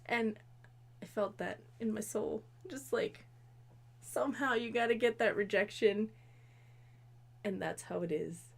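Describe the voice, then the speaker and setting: A woman's voice: mid-range voice, measured pace, gravelly, pauses often. A woman in her twenties giving a rambling, profane, exasperated comedic recap of a movie. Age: 20s. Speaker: comedy video host.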